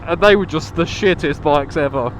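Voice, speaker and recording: A man's voice: a little high, moderate pace, a little hiss or hum. A man chatting casually into his helmet mic while riding a motorbike on country roads, laughing often and swearing now and then. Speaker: motovlogger.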